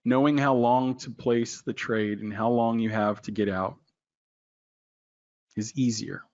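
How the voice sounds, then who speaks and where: A man teaching a trading lesson in an excitable, loud, jokey way, quizzing his listeners by name. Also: medium pitch, a little slow, lo-fi sound. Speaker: trading educator. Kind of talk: animated screen-share trading lesson.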